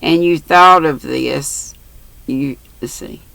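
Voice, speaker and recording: A grandmother voicing a tender, emotional mother who speaks softly in a storybook reading. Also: deep voice, slow, vocal fry, no room sound, heavily acted, rough recording. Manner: soft and moved.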